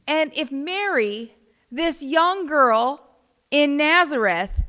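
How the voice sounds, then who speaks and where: Woman pastor, bright and slightly high voice, conversational sermon in a church sanctuary. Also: takes it slowly. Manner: conversational, animated preaching with emphatic repeats.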